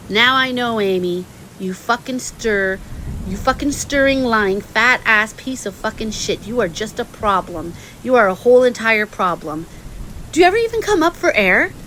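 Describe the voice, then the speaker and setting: A woman in the middle of an angry monologue, firing off profanity-laced complaints one after another. Her voice sits a little on the high side. She sounds heated and relentless the whole way through. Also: a bit bright, a little hiss or hum, low-quality recording. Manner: heated, profane, rapid-fire venting.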